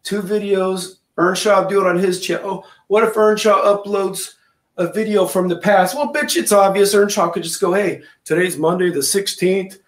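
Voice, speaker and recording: A man's voice: sits high, fairly even intonation, moderate pace, roomy sound. Profane, out-of-breath ranting man. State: out of breath, sick. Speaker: host. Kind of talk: casual chat.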